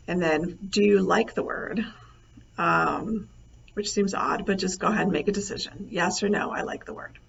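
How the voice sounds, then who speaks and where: A woman lecturer recording a lesson over slides, relaxed and thinking aloud with many fillers. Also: lowish voice, vocal fry. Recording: slightly dull, faint noise.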